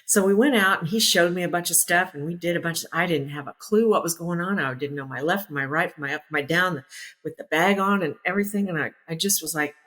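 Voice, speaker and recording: A woman in her sixties tells stories from her flying days, her voice sitting a little low for a woman. She talks casually and with spirit, slipping into the voices of the people she quotes and laughing easily along the way. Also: a little fast, fairly bright tone. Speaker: former naval aviator, interview guest. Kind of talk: casual anecdotal storytelling.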